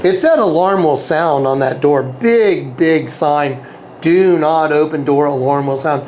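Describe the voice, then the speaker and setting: This man's voice is a bit high and a bit slow, with a darkish tone and a slight hiss or hum. As a guest in an interview, he earnestly shares a personal story in casual storytelling style, repeating himself frequently and performing quoted lines.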